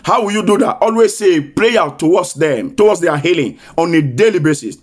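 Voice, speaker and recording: Male pastor preaching, high voice that swings way up and down, keeps repeating declarations. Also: expressive, normal speed. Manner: repetitive chanting declarations. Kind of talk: sermon with prophetic declarations.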